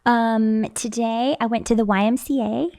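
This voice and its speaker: A woman's voice: on the high side, fairly even intonation, normal speed, a little mellow. Modest, giggly woman guest. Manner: modest, brief replies, giggly. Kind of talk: casual chat.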